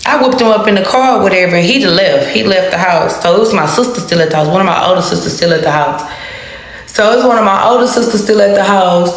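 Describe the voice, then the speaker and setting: A woman's voice: medium pitch, fast talker. A woman spills a personal story straight to her viewers, swearing freely and circling back over the same words to hammer them home. Her voice sits in the middle of the range, and the room around her rings with a strong, echoey reverb. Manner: animated, heavily profane, repeats phrases for emphasis. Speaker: storytime vlogger. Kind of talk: casual storytime.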